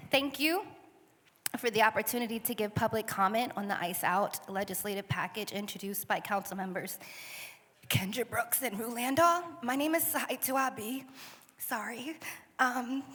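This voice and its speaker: A woman from Philadelphia giving emotional public comment at a podium, halting and apologetic as she fights back tears. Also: on the high side, a bit bright. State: tearful, emotional. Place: large council chamber. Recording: long hall reverb.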